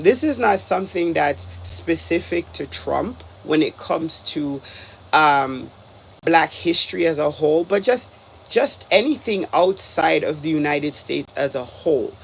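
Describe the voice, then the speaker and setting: A man's voice: a little high, vocal fry, a little hiss or hum. A man from Canada talking casually as a reaction video host, exasperated and rambling, with lots of "like"s. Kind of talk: casual commentary.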